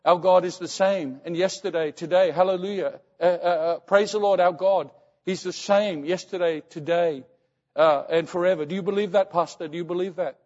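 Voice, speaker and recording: A man voicing an elderly grieving mother who praises God loudly and repeats her questions insistently. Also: sits high, steady tone, normal speed, in a large hall, highs cut off, voice pushed up, lightly acted. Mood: fervent.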